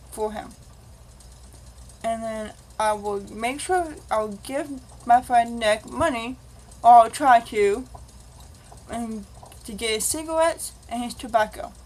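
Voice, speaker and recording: Slow-talking woman telling a rambling story. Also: on the high side, darkish tone, low-quality recording. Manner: rambling, acts out quoted dialogue. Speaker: vlogger. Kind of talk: casual confessional storytelling.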